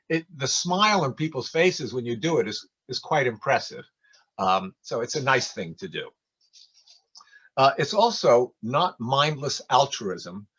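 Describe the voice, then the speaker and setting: A man's voice: mid-range voice, fairly bright tone, breathy edge, muffled recording. An older man telling rambling, folksy stories in a casual community talk over a video call.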